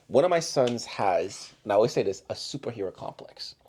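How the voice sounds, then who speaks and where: Fast, lively father telling family stories. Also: fairly low pitch, slightly rough. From the islands. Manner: animated storyteller acting out his kids. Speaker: single father guest. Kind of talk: casual podcast conversation.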